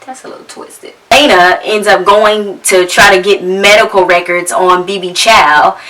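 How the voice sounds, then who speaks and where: A woman's voice: medium pitch, fairly even intonation, moderate pace, pushed and bright, distant mic, low-quality recording. A woman podcast host casually recapping a TV series, talking slangy and frank and swearing freely.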